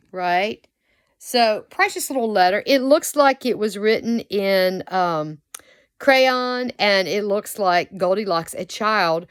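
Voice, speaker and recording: A woman in a casual show-and-tell, thinking aloud with many fillers and reading passages aloud, sometimes spelling words letter by letter. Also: medium pitch. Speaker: book reviewer.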